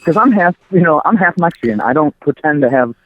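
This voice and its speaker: A man co-hosting a casual podcast, telling animated stories full of swearing and mimicking other people's voices. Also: a little high, a little fast, no room sound. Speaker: co-host. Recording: dry, phone-like audio.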